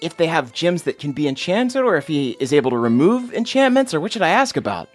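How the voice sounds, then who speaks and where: A player talking casually at a tabletop game, with a lively, swooping pitch. Faint music plays behind. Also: fairly quick.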